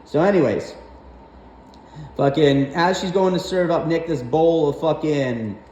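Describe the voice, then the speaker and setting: Brief: slightly high-voiced man, profane and exasperated storyteller, echoey room with faint hum. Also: unhurried, warm tone, dull audio. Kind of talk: casual storytelling rant.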